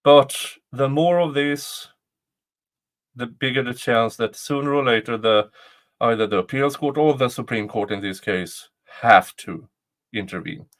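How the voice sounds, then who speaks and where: This is casual live commentary on a trial from a man with a medium-pitched voice who takes his time. He reads passages aloud, cracks jokes on the side, and frequently chuckles at them himself.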